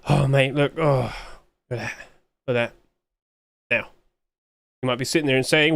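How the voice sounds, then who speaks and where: A man's voice: mid-range voice, steady tone, normal speed, gravelly, pauses often, a bit bright, no room sound. Chatty British man, dry close mic. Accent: British English. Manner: chatty, jokey, talks to his chat while eating. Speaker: streamer. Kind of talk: casual chat with viewers.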